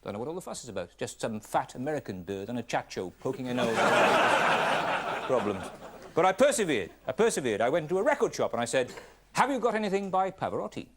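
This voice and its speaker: A man, hosting a comedy show and delivering a deadpan stand-up monologue. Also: medium pitch, fairly quick, very noisy. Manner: deadpan comic storytelling. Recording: studio audience laughter.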